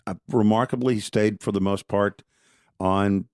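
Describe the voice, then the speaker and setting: A deep, low-pitched man chatting casually on a podcast. He is opinionated and conversational, and he often stops to restart a phrase. The sound is dry and close. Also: fairly even intonation, normal speed, a little mellow, clean tone, no room sound. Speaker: podcast co-host. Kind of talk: casual political talk.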